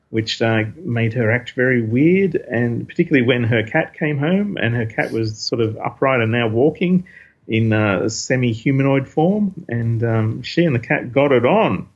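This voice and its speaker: Husky guy rambling through a comic recap, lots of ums, dull lo-fi sound. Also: medium pitch, lively intonation, a little slow. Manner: rambling, many fillers, reads quotes aloud. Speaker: podcast host reviewing comics. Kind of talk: casual recap of a comic issue. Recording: dull lo-fi recording.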